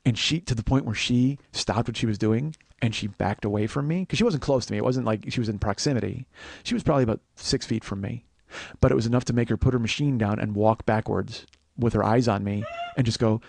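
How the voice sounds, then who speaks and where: A man in his forties hosting a comedy podcast, telling a profane story and breaking into shouts as he reenacts an argument. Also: medium pitch, quick pace, vocal fry, no echo. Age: 40s. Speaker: podcast host.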